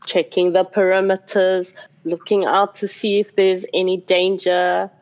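A woman's voice: lowish voice, little pitch movement, measured pace, a little mellow, highs cut off. A woman playing a tabletop game, describing her character's actions with dry wit. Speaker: player. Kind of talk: casual play at a tabletop game.

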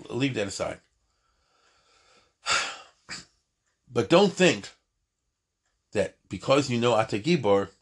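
A man teaching an informal lecture on prayer, talking in an emphatic, digressive way with many asides and restarts. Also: lowish voice. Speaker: Torah teacher.

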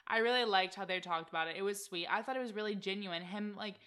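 A woman co-hosting a casual recap podcast, chatty and animated, dropping into mock voices for the people she talks about. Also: mid-range voice, quick pace, smooth. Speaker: podcast co-host. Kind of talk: casual reality-TV recap chat.

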